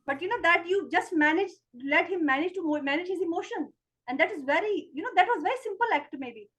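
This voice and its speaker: Group member, high voice, casual talk over a video call. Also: female voice, expressive, fast, a bit bright.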